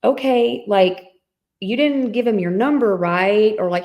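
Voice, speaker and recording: A middle-aged woman co-hosting a podcast, telling a family story in a casual, animated way and acting out the voices in it. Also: mid-range voice, unhurried. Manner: animated storyteller, acts out quoted dialogue. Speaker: podcast co-host.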